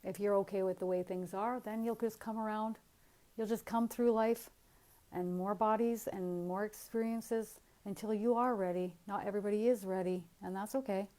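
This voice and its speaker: A woman's voice: mid-range voice, normal speed, poor audio. A middle-aged woman speaking as a spiritual medium, talking casually and animatedly, laughing often as she tells stories. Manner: animated storytelling, frequent laughs.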